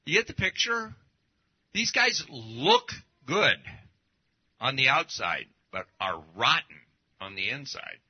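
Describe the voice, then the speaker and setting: A man's voice: mid-range voice, wildly swooping pitch, slow pace, slightly rough, highs cut off. A man preaching a sermon as pastor, emphatic, with pointed rhetorical questions to the congregation.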